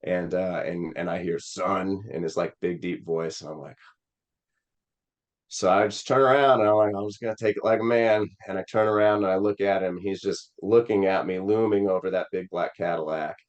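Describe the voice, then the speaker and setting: Here a Missouri Senate candidate, guesting on a podcast, recounts something personal in an interview. He's earnest and rambling, with plenty of fillers, and his deep voice stays at normal speed with fairly even intonation.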